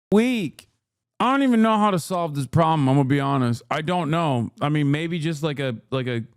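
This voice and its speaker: A man reacting to video clips in casual commentary, sarcastic and quick to swear, often cutting himself off mid-word. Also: high-pitched, no echo, studio quality.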